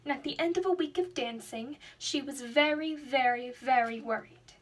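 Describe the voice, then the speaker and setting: A young woman reading a children's storybook aloud in an expressive, dramatic way. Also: sits high, moderate pace, husky. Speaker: student reader.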